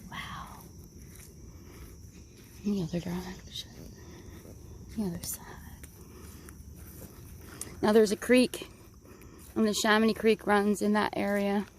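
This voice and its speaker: This vlogger's mid-range voice has a gravelly edge as she narrates her walk along a wooded park trail, measured in pace but rambling and excitable, slightly breathless, with long pauses. Faint crickets and background noise come through on the outdoor recording.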